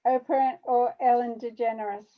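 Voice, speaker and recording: A female interview host, encouraging and upbeat, asking quick questions over a video call. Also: a little high, steady tone, highs cut off. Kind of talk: interview, rapid-fire questions.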